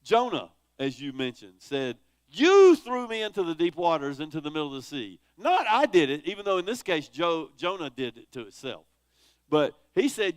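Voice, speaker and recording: A man's voice: fairly high pitch, big pitch swings, moderate pace, clear, resonant tone. A man leading a church Bible study, teaching in a conversational, dramatic way and reading scripture with feeling. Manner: dramatic, conversational, rises sharply on quoted laments.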